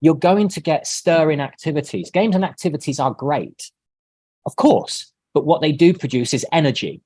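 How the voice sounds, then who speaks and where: A man's voice: a little high, normal speed, husky, no room sound. Man explaining teaching on a video call. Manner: relaxed, explanatory, acts out sample lines. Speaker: teacher trainer. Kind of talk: online teaching workshop.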